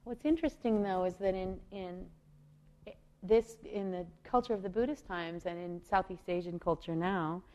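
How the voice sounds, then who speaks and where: A woman meditation teacher giving a gentle, reflective talk on loving-kindness practice, thinking aloud as she explains. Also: fairly low pitch, normal speed.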